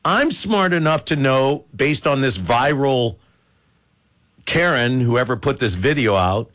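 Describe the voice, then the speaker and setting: A man's voice: medium pitch, unhurried. A male radio host telling stories in joking banter, poking fun at himself as a dad. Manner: animated, joking, self-mocking dad humor.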